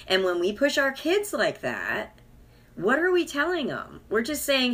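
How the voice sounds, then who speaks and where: Woman podcast host, mid-pitched voice, encouraging and emphatic, casual chat. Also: sing-song, a bit bright, husky. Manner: encouraging, emphatic, slows down for key points.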